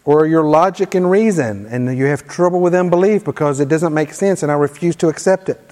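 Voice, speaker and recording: A man's voice: fairly high pitch, fairly quick. Man preaching in a reverberant hall. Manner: leads call-and-response prayer, forceful commands. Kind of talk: sermon teaching.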